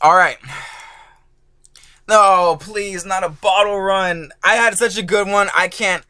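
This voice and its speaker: A man doing let's play commentary as a gaming YouTuber, excitable and swearing, yelling at the game and groaning when he fails. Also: high voice, takes it slowly, clear, resonant tone, no room sound, studio quality. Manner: groaning frustration at failures.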